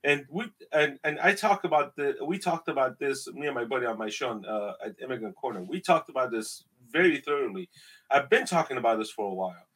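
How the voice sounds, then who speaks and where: Brief: Iranian-accented male guest, mid-pitch, breathy, emphatic storyteller. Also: expressive, fairly quick, a bit bright, rough recording. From Iran. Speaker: podcast guest. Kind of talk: casual conversation.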